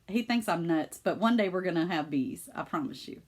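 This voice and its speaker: A woman's voice: fairly low pitch, normal speed, few pauses. A middle-aged woman with a Southern US accent, chatting casually and with feeling in her cross-stitch vlog at home. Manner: chatty and emotional, with many fillers. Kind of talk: casual chat.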